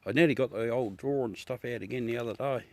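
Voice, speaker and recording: Swearing and calling everyone mate, a middle-aged Australian livestreamer chats bluntly and casually with his viewers. His voice is medium-pitched and quick, with no room sound.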